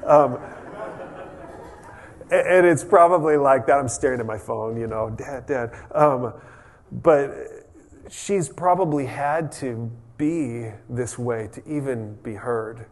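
This pastor takes it slowly, his medium-pitched voice carrying a conversational sermon full of restarted sentences and humorous asides. His manner is laid-back and chatty.

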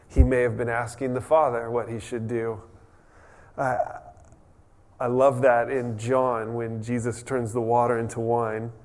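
A man preaching a conversational sermon as a pastor, relaxed and chatty, restarting sentences and adding humorous asides. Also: medium pitch.

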